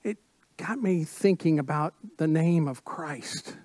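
Male pastor mid-sermon, high-ish voice, unhurried, emphatic refrains. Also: dry recording. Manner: slow, emphatic preaching with repeated phrases and sudden soft drops.

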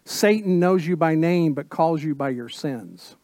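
A man preaching a sermon as pastor, emphatic and full of repeated phrases, dropping suddenly to soft tones. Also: on the high side, expressive, measured pace, no room sound, studio quality.

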